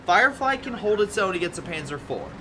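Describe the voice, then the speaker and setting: A man giving chatty, animated play-by-play commentary on a strategy game replay, with lively asides to his viewers. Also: sits high, quick pace, background noise. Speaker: video game replay caster.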